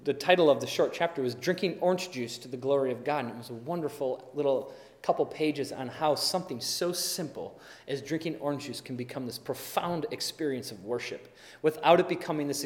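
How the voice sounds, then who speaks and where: A man's voice: mid-range voice, fairly quick. Man preaching in a reverberant hall. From Wisconsin, USA. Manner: conversational and animated, acts out little scenes. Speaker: pastor. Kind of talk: sermon.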